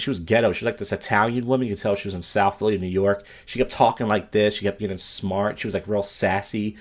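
A man's voice: on the low side, fast. Blunt, profane man ranting. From Philadelphia. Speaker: podcast host. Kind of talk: crude ranting commentary.

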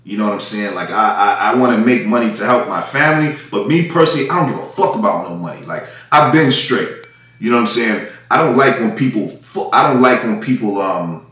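A man's voice: fairly low pitch, animated, a little fast, a bit bright. A man, an independent music artist, delivering an angry, profane rant that circles back on itself again and again. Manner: profane, heated, repetitive. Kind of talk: angry ranting monologue. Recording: echoey room, mic at a distance.

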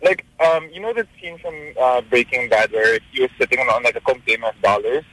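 Male caller, hesitant storytelling, mid-pitched, dry sound. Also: fairly quick, a bit bright, no echo, rough recording. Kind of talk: telling a story on a radio call-in.

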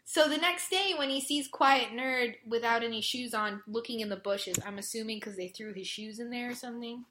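Bright, exasperated woman recapping a show. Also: a little high, a little fast, hardly any pauses, slight background noise. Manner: exasperated, filler-heavy storytelling. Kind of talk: casual chat recapping a show.

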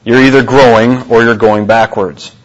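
A man's voice: medium pitch, steady tone, normal speed, dull audio. A man preaching a sermon to his congregation, in an earnest manner, often repeating and restarting his phrases and asking questions. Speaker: pastor. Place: church.

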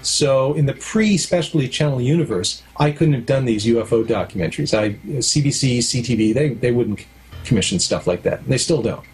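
A middle-aged man talks frankly about his work in an interview, with a mid-range voice. He explains things with homely comparisons and a storyteller's ease. Faint music plays softly underneath. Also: mid-range voice, expressive, moderate pace. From Canada. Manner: candid, anecdotal, explains with analogies. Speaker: documentary producer and director. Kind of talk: casual interview talk.

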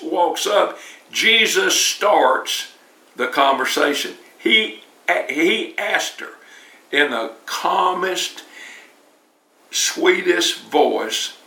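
A man with a high-pitched, sharp voice preaches a sermon in a church, speaking conversationally and often repeating words as he restarts. The recording sounds roomy, with a distant mic.

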